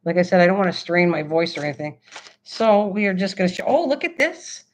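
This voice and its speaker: A woman hosting a casual craft livestream, chatting excitedly and answering her chat as she goes. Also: on the low side, a little fast. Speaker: livestream host. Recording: slightly dull lo-fi stream audio.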